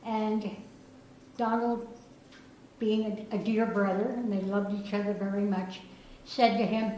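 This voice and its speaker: A woman's voice: mid-range voice, fairly even intonation, measured pace, long pauses, warm tone, slight background noise. An older woman from Germany giving a storytelling speech at a prize reception, her words slightly slurred from dental work. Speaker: guest speaker presenting prizes. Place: chess club reception room. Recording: echoey room, faint ambience.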